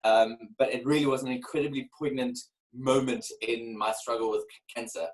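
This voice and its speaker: A man in his forties telling a candid personal story as a podcast guest, earnest and animated, often repeating words as he starts a phrase. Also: mid-range voice, moderate pace, poor audio. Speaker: guest, keynote speaker.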